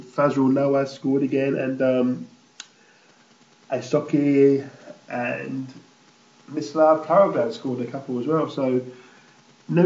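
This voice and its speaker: A blunt man runs through the weekend's football results in a loose, rambling way, swearing without a second thought. His voice is dark and mellow. The recording is roomy and a little dull. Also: mid-range voice. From England. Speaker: football show host. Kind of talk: casual spoken results roundup.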